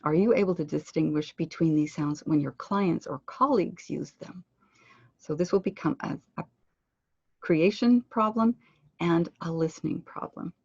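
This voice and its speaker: A woman giving an online pronunciation lesson, speaking clearly and deliberately and slowing down to model words. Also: low-pitched, darkish tone, no echo, muffled recording. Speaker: pronunciation instructor. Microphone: computer microphone on a web conference.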